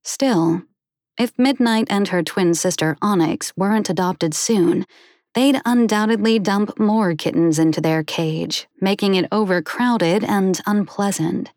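A woman narrating a children's animal story in a steady, even reading voice. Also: mid-range voice, measured pace, dry recording, studio quality.

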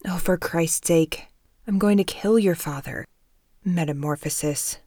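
A woman's voice: on the low side, measured pace, mellow, no room sound, studio quality. A woman voicing an exasperated scolding mother. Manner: scolding, emphatic. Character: exasperated middle-aged mother, sharp-tongued and loud.

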